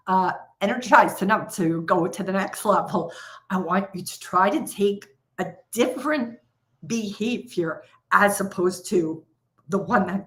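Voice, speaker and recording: A middle-aged woman leading a live coaching session, speaking directly to viewers and stretching out key phrases for emphasis. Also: medium pitch. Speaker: trading coach.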